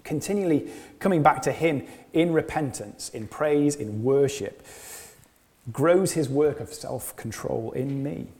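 A man's voice: mid-range voice, expressive, measured pace, darkish tone, big-room sound. A man preaching a sermon, earnest, often repeating phrases and asking rhetorical questions.

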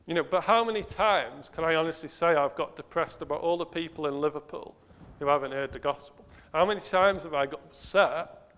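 With a somewhat high, slightly bright voice, a man preaches an earnest, self-questioning sermon and poses rhetorical questions to the congregation. A long hall reverb colors the recording.

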